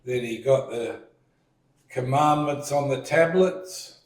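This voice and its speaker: Slow-talking guy leading a table chat, retelling a story, sounds a bit far off from the mic. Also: mid-range voice. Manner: slow storytelling, retells scenes with acted lines. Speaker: discussion leader. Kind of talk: relaxed teaching chat at a dining table. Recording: echoey room, voice set back from the mic.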